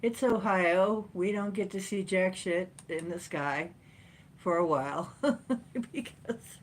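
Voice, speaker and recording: A woman hosting a casual livestream chat from home, rambling and chatty with frequent laughs and playful jumps in pitch. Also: slow. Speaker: livestream host. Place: at home, sitting in a chair with a cat.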